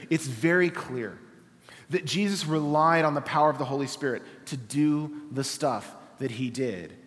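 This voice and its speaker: A man's voice: a little high, normal speed, a bit bright, in a large hall. A man preaching a sermon, reading scripture aloud and pressing his points with emphatic rhetorical questions.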